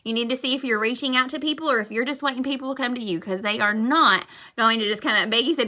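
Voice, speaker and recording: A woman talks loudly and emphatically in a live-stream pep talk, blunt but quick to apologize. Her voice is bright and forceful, set a little high. She rambles, circling back to the same points. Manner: loud and fired up, talks emphatically. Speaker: direct-sales consultant.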